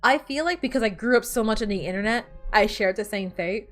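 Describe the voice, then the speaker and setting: A woman's voice: medium pitch, brisk, a bit bright, soft background music. A woman streamer chatting casually while playing, rambling and bossing her game characters around. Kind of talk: casual gameplay chat.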